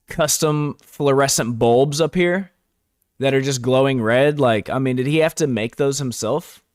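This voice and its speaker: A man's voice: mid-range voice, dry recording, clean studio sound. A man giving a casual, rambling live-stream recap, full of fillers and chuckling asides.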